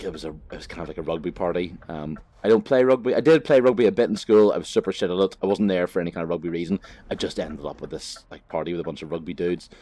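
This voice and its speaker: A man's voice: low-pitched, a little mellow. A man, chatting loosely and swearing casually as he plays a driving game for his channel. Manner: rambling, laid-back, sweary, lots of fillers. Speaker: gaming vlogger. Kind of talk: casual commentary while playing a driving game.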